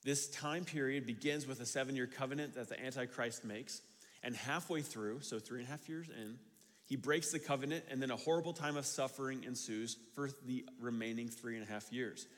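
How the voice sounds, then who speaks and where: Male pastor, sermon, mid-pitched voice, casual restarts, church hall echo. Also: fairly quick. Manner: conversational preaching with repeated phrases. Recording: reverberant hall.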